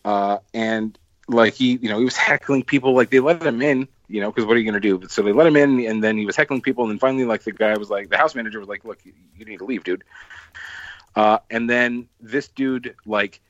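A man casually telling a long, rambling story on a podcast. He swears a lot and acts out what people said with sudden jumps in pitch. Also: quick pace, no room sound, lo-fi sound. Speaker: podcast host.

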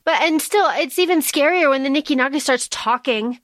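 A woman co-hosting a casual book-club podcast, with a fairly high voice and a dry, close sound. She retells scenes in a chatty, animated way, full of fillers and asides. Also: brisk, no echo. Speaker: podcast co-host.

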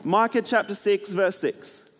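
High-voiced pastor in a hall. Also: male voice, measured pace. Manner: energetic, conversational with many fillers and jokes. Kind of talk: sermon. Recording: hall reverb.

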